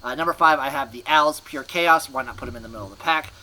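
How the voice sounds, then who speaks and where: Man, sports podcast host, scattered fragmented delivery, middle pitch, clear hiss behind. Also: fast talker, sharp tone, low-quality recording. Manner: scattered, fragmented, self-mocking.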